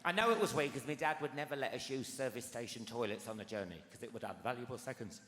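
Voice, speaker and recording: With a mid-range, expressive voice and a quick pace, a man in his forties delivers stand-up comedy on a large theatre stage, over slight background noise. His storytelling is animated and confiding, full of tag questions aimed at the audience. The room sounds spacious, with a loud crowd laughing throughout.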